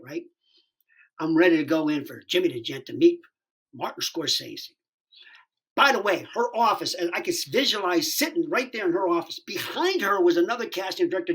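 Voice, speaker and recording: A man, a stand-up comedian guesting on a podcast, telling an animated, profane anecdote and acting out the people in it. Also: on the high side, brisk, husky. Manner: profane, acts out the dialogue in his story.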